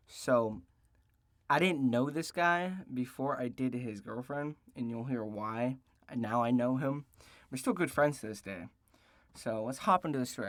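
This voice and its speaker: A man's voice: medium pitch, no echo. Rambling, foul-mouthed teenage guy, dry sound. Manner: rambling and profane, with frequent restarts and fillers. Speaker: storytelling vlogger. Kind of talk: casual story time.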